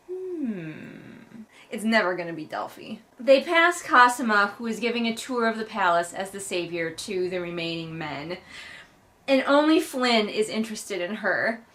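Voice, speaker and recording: A woman's voice: medium pitch, fairly bright tone. Wry, sarcastic woman recapping a book. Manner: sarcastic, wry, swears casually. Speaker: book read-along host. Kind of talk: casual book commentary.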